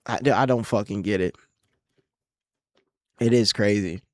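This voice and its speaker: Young guy podcast host going off, cussing, low voice, dry close mic. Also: fairly even intonation, a little slow, no echo. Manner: profane, rambling, exasperated ranting. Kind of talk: casual solo podcast rant.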